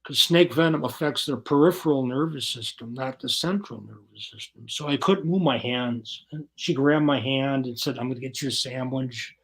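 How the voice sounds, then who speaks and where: A man as an interview guest, telling his story bluntly and profanely in casual, animated talk. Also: mid-range voice, moderate pace, hardly any pauses, husky.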